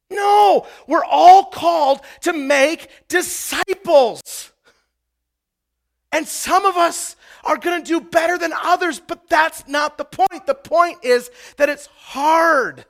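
A middle-aged man from Idaho preaching a sermon, telling personal stories and building to loud, emphatic bursts. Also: very high-pitched, lively intonation, measured pace, long pauses. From Idaho, USA. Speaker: pastor.

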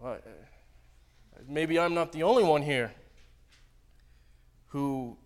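A man preaching a sermon, swinging between loud dramatic readings and quiet joking asides to the congregation. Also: a little high, slow pace.

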